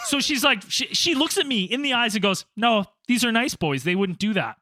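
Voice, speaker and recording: A man on a podcast telling a story in casual chat, animated and profane, acting out quotes loudly. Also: sits high, brisk, hardly any pauses. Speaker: podcast co-host.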